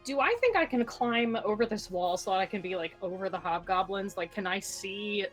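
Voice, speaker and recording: A woman's voice: medium pitch, moderate pace, soft background music. Chatty woman playing a tabletop game. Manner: chatty, hedging with many "like"s. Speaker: player. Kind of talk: casual tabletop play.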